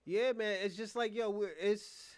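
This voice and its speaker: A man's voice: high voice, fairly even intonation, measured pace, clear, resonant tone, no room sound, studio quality. Blunt, cursing male livestream host. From United States. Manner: blunt, profane, talks back to chat with loud bursts. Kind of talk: casual livestream commentary answering chat.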